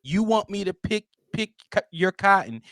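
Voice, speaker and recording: A man with a notably high voice holds forth as a podcast guest, emphatic and blunt, pushing his points loudly. He is recorded close on a dry studio mic. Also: big pitch swings, normal speed, no echo. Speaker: guest commentator. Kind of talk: heated podcast talk.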